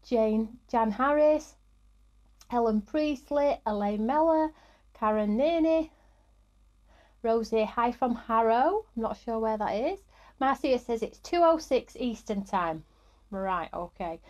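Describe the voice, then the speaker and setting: A woman's voice: a little high, expressive, takes it slowly, darkish tone, lo-fi sound. A woman, middle-aged, hosting a live craft stream in an upbeat, chatty way and greeting viewers by name.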